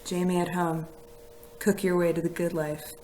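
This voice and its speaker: A woman's voice: lowish voice, level tone, normal speed, a little mellow, slight background noise, rough recording. A woman chatting casually on a live stream, rambling with fillers and laughs as she reads messages from chat. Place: house with a conservatory.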